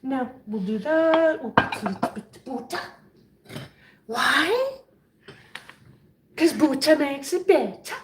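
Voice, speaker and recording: A woman's voice: sits high, moderate pace, few pauses, a little mellow, slight background noise. A woman chatting and joking with her viewers while she cooks in her kitchen. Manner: chatty, jokey, talks to viewers while cooking. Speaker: vlogger cooking on camera. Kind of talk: chatty cooking vlog.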